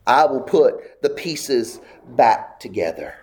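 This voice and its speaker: A male pastor delivering a sermon, with an impassioned, repetitive cadence and a voice that climbs high on heartfelt pleas. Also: sing-song, slow, a little mellow.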